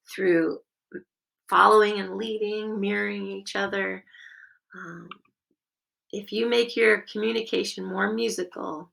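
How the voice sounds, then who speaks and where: A woman teaching a workshop on music in caregiving, speaking in a gentle, encouraging, expressive way with occasional fillers. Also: mid-range voice, vocal fry, rough recording.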